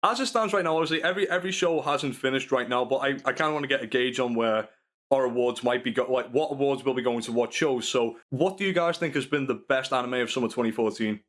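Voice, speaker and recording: A man's voice: mid-range voice, fast talker, a bit bright. Rambling male podcast host. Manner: rambling, many fillers, laughs often. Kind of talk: casual chat.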